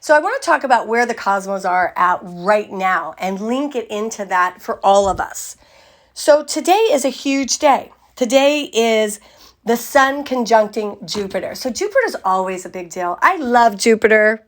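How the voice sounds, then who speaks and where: An older woman with a raspy voice from a cold, giving a chatty, meandering spiritual talk to her community. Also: medium pitch, expressive, a bit bright. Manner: chatty, meandering, drawn-out phrasing. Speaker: spiritual teacher.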